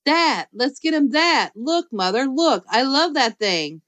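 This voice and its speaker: A woman voicing an excitable, bossy little kindergarten girl in an audiobook, squealing and pleading. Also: on the high side, moderate pace, dry recording, voice pushed up. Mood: begging. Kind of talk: audiobook character voice.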